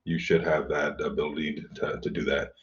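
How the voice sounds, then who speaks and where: A middle-aged man teaching an online college class, explaining in a relaxed way with fillers and throat clearing. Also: a bass voice, normal speed. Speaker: college instructor. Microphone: computer mic on video call. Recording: dull lo-fi video call audio.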